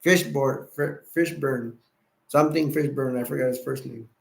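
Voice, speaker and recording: A man's voice: medium pitch, fairly even intonation, normal speed, creaky. A man hosting a casual livestream chat, rambling and playful and laughing easily as he reads viewer comments. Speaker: livestream host. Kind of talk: casual live stream chat.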